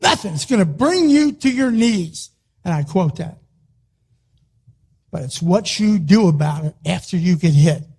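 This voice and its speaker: A man delivers a rousing motivational talk, his voice pitched high for a man. He hammers short phrases again and again like a wrestling coach pushing his team. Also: warm tone, husky. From Philadelphia, US. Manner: emphatic, punchy, repeats short phrases. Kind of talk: motivational speech.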